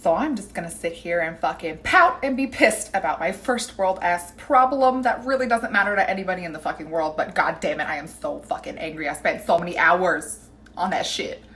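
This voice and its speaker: Woman, 20s, vlogger, exasperated and profane, phone held at arm's length, slightly low pitch. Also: brisk, a bit bright. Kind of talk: casual selfie video chat.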